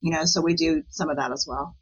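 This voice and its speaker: A woman talking as a podcast guest in a casual interview, chatty and animated, often laughing. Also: sits low, fast, dull audio, slight background noise.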